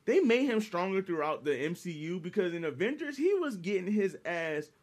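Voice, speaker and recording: A man's voice: high voice, moderate pace. A man in casual, profane chat about movies, animatedly acting out quotes. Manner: animated, acts out quotes, heavy swearing.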